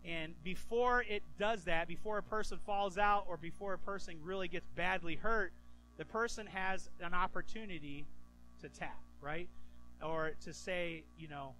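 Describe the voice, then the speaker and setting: Animated high-voiced male pastor preaching. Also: normal speed, faint music behind, low-quality recording. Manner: animated storytelling, stammering restarts. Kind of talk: sermon.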